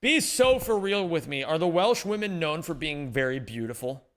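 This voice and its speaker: A man's voice: fairly high pitch, moderate pace. A young man livestreaming, chatting casually with his viewers in a rambling, jokey way. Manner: animated, rambling, jokey banter. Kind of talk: casual chat with viewers during a gaming stream.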